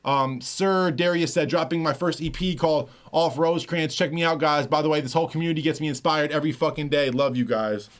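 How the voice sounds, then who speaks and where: A man's voice: on the high side, brisk, few pauses. Laid-back swearing male streamer. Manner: laid-back, swears freely, reads and answers chat. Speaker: music producer streamer. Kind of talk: casual livestream chat.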